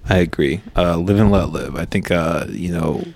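Low-voiced man talking politics calmly. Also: moderate pace, gravelly, slight background noise. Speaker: podcast guest. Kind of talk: casual political chat.

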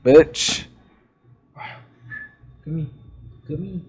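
Slow-talking rowdy, foul-mouthed podcast man. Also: a little high, husky. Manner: rowdy, loud, profane joking. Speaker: podcast co-host. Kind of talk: casual chat.

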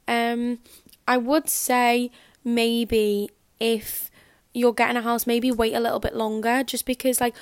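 Young scouse girl podcasting, lots of likes and ums, bit high voice, dead dry sound. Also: no room sound. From Liverpool area. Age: young adult. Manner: rambling, filler-heavy, chatty. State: dry throat. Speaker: podcast host. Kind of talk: casual chat.

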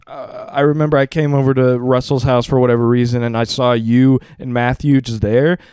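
Young male podcast host, swears freely, acts out the people in his stories, smooth voice, dry close mic. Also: mid-range voice, flat delivery, brisk, a little mellow, no room sound. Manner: profane storyteller, quotes people in voices. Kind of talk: casual comedic chat.

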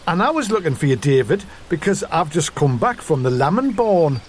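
Geordie farm wife, high-pitched, sing-song, theatrical, radio soap parody. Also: male voice, very animated, normal speed, slight background noise. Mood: dramatic. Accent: Newcastle, put on. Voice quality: exaggerated, theatrical.

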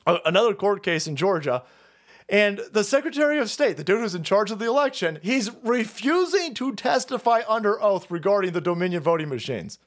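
A man's voice: high voice, sing-song, fairly quick, a bit bright. A man hosting a livestream, ranting profanely and sarcastically, often laughing. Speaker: host. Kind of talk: livestream political rant.

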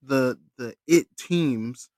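A man co-hosting a casual sports podcast, animated and profane, teasing his co-host. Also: mid-range voice, drawn-out words, no room sound.

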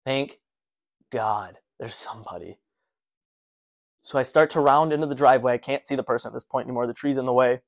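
A man telling his own running story in a casual, animated way, restarting sentences as he goes. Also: medium pitch, a little fast, gravelly, pauses often. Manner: animated, breathless recounting with restarts.

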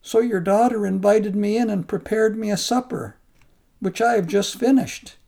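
A man voicing a humble monk, pleading earnestly in a gravelly voice. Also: high voice, normal speed, mellow. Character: humble pleading middle-aged male monk.

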